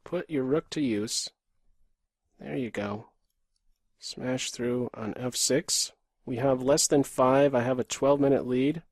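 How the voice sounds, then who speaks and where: Streamer, man in his thirties, from Pennsylvania, USA: slow clipped play-by-play, half to himself, dry close mic. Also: medium pitch, a little mellow, no echo. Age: 30s. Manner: muttering running commentary, terse half-sentences to himself. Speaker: chess streamer. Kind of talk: live commentary while playing bullet chess.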